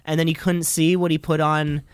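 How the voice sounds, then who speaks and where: A man's voice: fairly high pitch, flat delivery, fairly quick, clean tone, no echo, studio quality. A man co-hosting a podcast, joking around and trailing off into strings of filler words. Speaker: podcast co-host. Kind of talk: casual chat.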